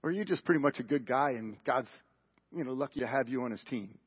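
A male pastor preaching a sermon with emphatic rhetorical questions and big swings between loud and soft. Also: mid-range voice, lively intonation, fast talker, breathy edge. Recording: muffled lo-fi live broadcast.

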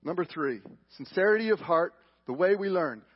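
A man preaching a sermon, emphatic, swinging from loud questions to hushed, quiet lines. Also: sits high, lively intonation, normal speed, breathy edge, no room sound. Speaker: pastor. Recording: dull lo-fi broadcast audio.

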